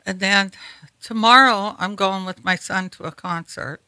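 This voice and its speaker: A woman co-hosts a radio show and chats in an easy, plain-spoken way. Her voice sits at a middle pitch and sounds bright. The recording is dry. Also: a little slow, clean tone, dry recording, poor audio. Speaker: radio co-host. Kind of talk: casual radio chat.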